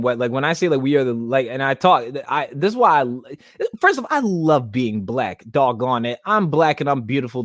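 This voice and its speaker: A man's voice: medium pitch, dry recording, studio quality. A young man hosting a podcast monologue, rambling with many restarts and holding back tears. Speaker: podcast host. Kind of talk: casual monologue.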